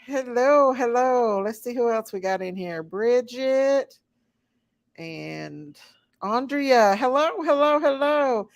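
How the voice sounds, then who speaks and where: A woman's voice: on the high side, lively intonation, takes it slowly, no echo, studio quality. A woman hosting a casual late-night live chat, greeting viewers one by one and laughing often. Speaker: livestream host.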